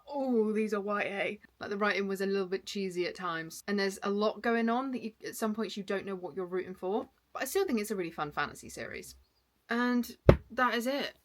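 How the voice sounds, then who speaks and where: A young woman talks through her monthly reading wrap-up in an easy, chatty way. She is enthusiastic and drops quick asides as she goes. Her voice sits at a middle pitch. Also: a bit bright. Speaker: book content creator. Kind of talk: casual book wrap-up chat.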